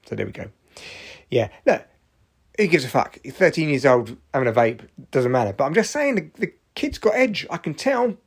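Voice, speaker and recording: Gravelly 40s guy, worn out and achy, rambling and swearing through his solo podcast. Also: mid-range voice, expressive, moderate pace. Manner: rambling, sweary, jokey storytelling. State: tired, achy after exercise. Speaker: podcast host. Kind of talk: casual solo podcast monologue.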